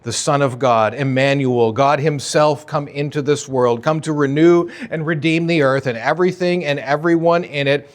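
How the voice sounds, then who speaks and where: A man's voice: on the high side, normal speed, hardly any pauses. A man preaching a sermon as pastor of a church, conversational and emphatic, with sudden rises and drops in energy. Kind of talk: expository sermon. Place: church sanctuary.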